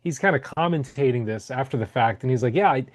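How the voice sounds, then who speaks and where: A man's voice: medium pitch, fast talker. A man co-hosting a podcast, telling stories in a rambling, casual way with many ums and restarts. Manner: rambling storyteller with fillers and restarts. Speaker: podcast co-host. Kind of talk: casual political chat.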